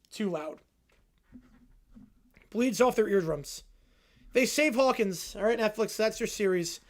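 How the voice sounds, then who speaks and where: A man hosting a livestream, chatting loosely, joking, and answering viewers' questions. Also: high voice. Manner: rambling, joking, answers chat. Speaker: livestream host. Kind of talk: casual livestream chat.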